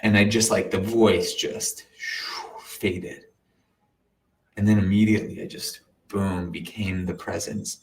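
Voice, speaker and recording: A man telling an earnest personal story in a casual way, animated and full of sound-effect words, sometimes dropping to a soft near-whisper. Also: sits low, slow pace, gravelly, rough recording. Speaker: meditation teacher.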